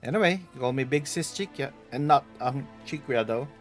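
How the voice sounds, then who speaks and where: A man's voice: medium pitch, animated, a little fast, faint music behind, close to an everyday voice. A man reading the lines of a teasing, vain aging female treasure hunter aloud while streaming a game.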